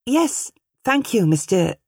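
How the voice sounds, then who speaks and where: A woman reading an audiobook, voicing a shy but eager young woman who gardens, with a bright, friendly manner. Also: low voice, big pitch swings, brisk, no echo, studio quality.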